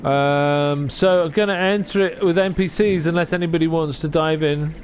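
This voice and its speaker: A man's voice: a little high, steady tone, moderate pace, soft background music. A man live-streaming a game, chatting casually, reading dialogue aloud and laughing at himself. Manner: chatty, self-deprecating, reads dialogue aloud.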